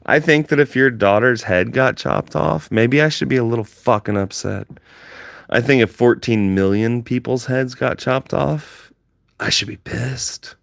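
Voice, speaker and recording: A man's voice: medium pitch, unhurried, creaky, dry recording, clean studio sound. A man livestreaming, ranting heatedly at his chat with constant swearing and emphatic repetition.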